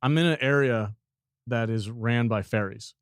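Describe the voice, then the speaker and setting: A man co-hosting a casual gaming chat, excitable and swearing freely. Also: medium pitch, moderate pace, clean tone, no room sound, studio quality. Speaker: gaming podcast co-host.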